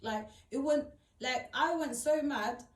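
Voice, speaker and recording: A young woman recounts a personal story in a blunt, slangy way, swearing freely and hammering points through repetition. Her voice sits a bit high. She sounds set back from the mic in an echoey room. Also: a little slow, far from the mic. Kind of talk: casual storytime monologue.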